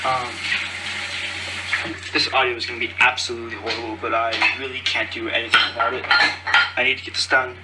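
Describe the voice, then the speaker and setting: This podcast host is a cheerful, talkative man with a mid-range, fairly flat voice who speaks briskly but leaves long pauses as he rambles and loses his thread. The phone recording sits far from him and is very noisy, full of clattering dishes, cutlery and pots.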